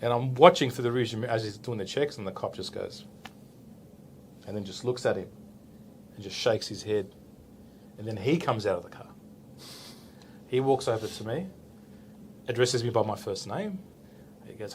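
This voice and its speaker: This interviewed Australian police officer, a man in his forties, leaves long pauses as he tells a story at normal speed in a fairly low voice. He's animated, acts out the dialogue, and tags his sentences with "right?" Slight background noise is present.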